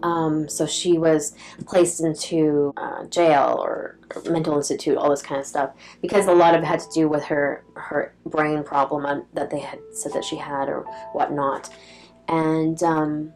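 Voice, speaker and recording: Talking to the camera, a young woman vlogger with a notably deep, low voice rambles through a personal story, filling it with "like" and blunt swearing. Her intonation is fairly even and her pace a little slow. Soft, faint music sits under a rough recording.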